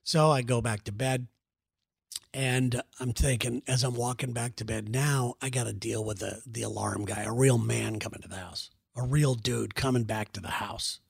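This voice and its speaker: A middle-aged man hosting a comedy podcast, telling a story in an animated, profane and exasperated way. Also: medium pitch, normal speed, vocal fry, breathy edge, dry recording, clean studio sound.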